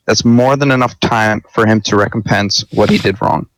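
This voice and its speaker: A man's voice: on the low side, normal speed, a bit bright, no echo, low-quality recording. A man playing an attorney general in a mock senate debate, speaking firmly and insistently. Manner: firm, insistent, defending a nominee. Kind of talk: role-played parliamentary debate.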